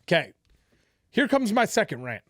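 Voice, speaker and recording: A man rants about football on a podcast, swearing freely and hammering each point home. His voice swings widely in pitch as he builds and drops. The sound is dry and close, with no room around it. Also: sing-song, moderate pace, no room sound. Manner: profane, ranting, emphatic. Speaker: sports podcast co-host. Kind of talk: heated sports talk.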